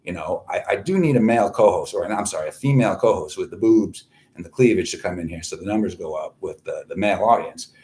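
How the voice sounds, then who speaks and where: A man's voice: low voice, animated, fast talker, few pauses, mellow. A man hosting his own online show, talking in a profane, boastful, meandering monologue from home. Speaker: livestream host. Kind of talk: rambling crude monologue.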